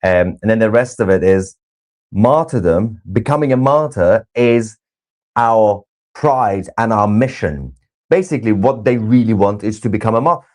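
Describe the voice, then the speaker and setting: Male co-host from Iran, sarcastic live commentary, very lively intonation. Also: fairly low pitch, moderate pace. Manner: sarcastic, mocking, animated. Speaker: livestream co-host.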